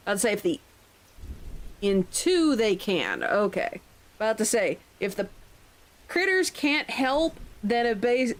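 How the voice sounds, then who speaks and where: Lively, rambling woman streamer. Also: mid-range voice, low-quality recording. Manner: rambling, chatty, occasional swearing. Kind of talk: casual live-stream chat.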